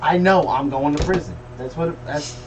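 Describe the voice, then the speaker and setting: A man's voice: on the high side, moderate pace, lo-fi sound. Folksy, joking middle-aged livestream host, man, mic a little far off. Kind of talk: casual livestream chat. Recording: distant mic with faint room noise.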